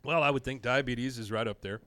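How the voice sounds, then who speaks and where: A man's voice: mid-range voice, a little fast, a bit bright, dry recording, studio quality. A man co-hosting a podcast, casually recapping a cartoon episode scene by scene and laughing easily. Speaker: podcast co-host.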